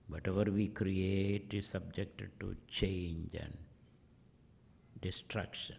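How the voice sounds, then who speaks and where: Deep, slow-spoken man guiding meditation. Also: fairly even intonation, vocal fry, a little mellow. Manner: slow, measured, trailing into whispers at phrase ends. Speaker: meditation teacher. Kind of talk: guided meditation instruction.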